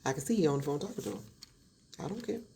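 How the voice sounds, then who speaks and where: A woman's voice: low voice, sing-song, rapid-fire, vocal fry, dark tone, slight background noise. A woman telling a true story in a dramatic, sassy storytime style, acting out each voice. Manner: dramatic, sassy, acts out every voice. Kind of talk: animated storytime.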